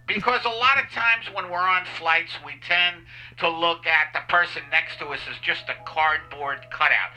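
Guy doing a tripping airline captain, super bright sharp voice, just rambles on. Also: high voice, voice pushed up, full character voice, low-quality recording. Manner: chatty, oversharing, loose. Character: rambling stoned middle-aged male airline pilot. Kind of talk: improv comedy bit over a PA.

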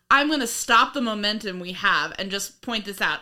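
A woman co-hosting a casual podcast recap, animated and laughing, often swearing and acting out lines from the episode. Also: mid-range voice, moderate pace, hardly any pauses. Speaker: podcast co-host.

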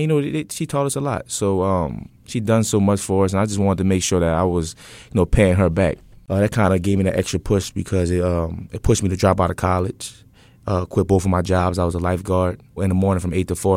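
Here a young event business owner, guesting on an interview, talks fast in a low voice with no echo around him. His casual storytelling wanders along and leans heavily on filler words.

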